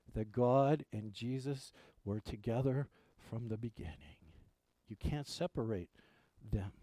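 A man preaching a sermon, swelling up for emphasis and falling to quiet line endings. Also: fairly high pitch, no echo. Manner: emphatic preaching, dropping to soft endings and rising for stress. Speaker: pastor.

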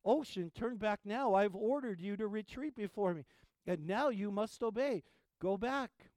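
A man's voice: on the high side, expressive, a little slow, darkish tone, no echo, voice pushed up. A male preacher voicing a proud medieval king who issues grand commands during a sermon story. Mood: commanding. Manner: regal, declaiming.

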